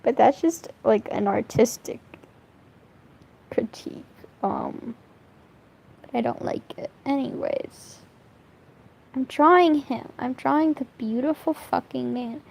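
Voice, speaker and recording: A woman's voice: fairly high pitch, expressive, unhurried, creaky, rough recording. A young woman chatting casually while drawing on stream, rambling and swearing, laughing often. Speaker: streamer drawing fan art.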